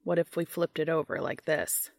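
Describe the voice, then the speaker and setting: A quiet, deadpan young man, put on by a woman reading a story. He speaks low and soft with understated humor. Dry, close sound. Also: moderate pace, creaky, dry recording. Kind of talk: audiobook reading.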